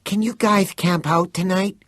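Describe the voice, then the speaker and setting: A man voicing a breathless, excitable young boy who talks in an urgent, earnest rush. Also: high-pitched, unhurried, dry recording, studio quality, pitched above the performer's own voice. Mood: excited.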